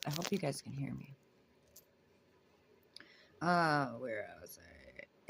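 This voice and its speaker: A woman's voice: extremely low pitch, animated, takes it slowly, vocal fry, pauses often, a bit bright, slightly rough. A woman casually reading a book aloud, breaking off with rambling, self-interrupting asides and casual swearing. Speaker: book reader.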